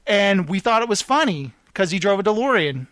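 A podcast host telling a self-deprecating story in casual chat, animated and apologetic in tone. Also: male voice, high-pitched, fairly quick, dry recording.

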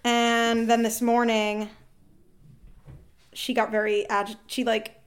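A woman telling a frank, animated story about fights with her partner, quoting both sides, swearing and laughing ruefully. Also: on the high side, takes it slowly. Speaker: guest seeking advice. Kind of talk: candid emotional storytelling.

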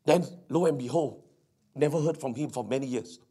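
A male pastor preaching a sermon, telling a story with excited exclamations and stammered restarts. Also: medium pitch, moderate pace, breathy edge.

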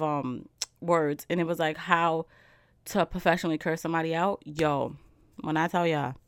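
A young woman hosts a casual solo podcast in a lowish voice, recorded dry and close. She's animated and slangy, hammering her points home with a repeated "okay?"

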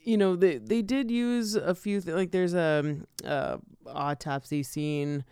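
Woman podcast co-host, casual film chat, lively and laughing, smooth clear voice, dry close mic. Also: fairly low pitch, measured pace, no echo. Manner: animated, laughs often, loves animals.

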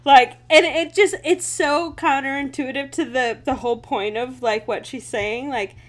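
A young adult woman co-hosting a podcast in casual chat, animated and quick to laugh and swear. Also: high-pitched. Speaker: podcast co-host.

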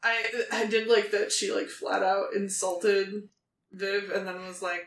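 A woman's voice: medium pitch, unhurried. A woman co-hosting a podcast, chatting casually about a book with a playful, joking manner. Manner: playful, jokey, animated storytelling. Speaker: podcast co-host. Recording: echoey room with faint background noise.

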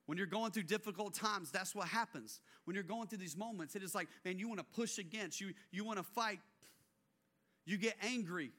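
A male pastor preaching a sermon, animated and acting out biblical figures, then dropping into quiet intensity. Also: sits high.

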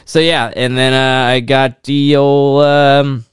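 A man's voice: mid-range voice, flat delivery, slow pace, clear, resonant tone, no room sound, clean studio sound. A man co-hosting a podcast, telling a rambling story in casual chat, with lots of filler words and swearing. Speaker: podcast co-host.

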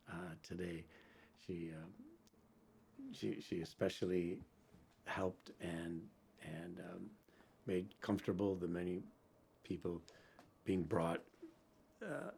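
A man with a very low, gravelly voice hosts a Catholic radio hour as a priest. His delivery is halting, full of "uh" and repeated starts. His tone is husky rather than clear. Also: darkish tone. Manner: halting, many fillers and restarts. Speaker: priest and radio guest host. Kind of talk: Catholic radio talk on saints.

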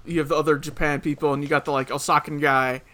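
A man from California co-hosting a casual podcast chat, laughing often and telling stories quickly. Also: on the high side, flat delivery, fairly bright tone. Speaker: podcast co-host.

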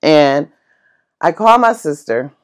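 A woman casually telling a personal story in an excitable, passionate way, laughing as she talks. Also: low-pitched, slow pace. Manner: animated, excitable, laughs while talking; passionate and chatty.

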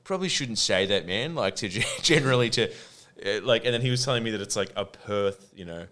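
A man's voice: lowish voice, brisk, pushed and bright. A man in casual chat, telling loose rambling anecdotes and swearing.

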